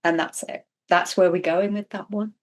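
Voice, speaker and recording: Woman, podcast host, casual chat, self-mocking asides, mid pitch. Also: steady tone, moderate pace.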